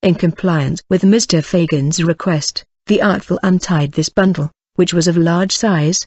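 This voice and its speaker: An audiobook narrator reading a classic novel in a steady voice, with occasional slips. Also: medium pitch, measured pace, no room sound.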